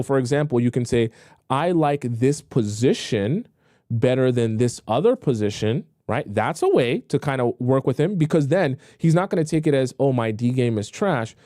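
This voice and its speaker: Male dating coach, young adult, blunt, casual, repeats himself, mellow tone, dry close mic. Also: mid-range voice, dry recording. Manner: blunt, repetitive, conversational, acts out pleading voices mockingly. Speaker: dating coach hosting a live stream. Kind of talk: live-stream advice talk, reading viewer questions.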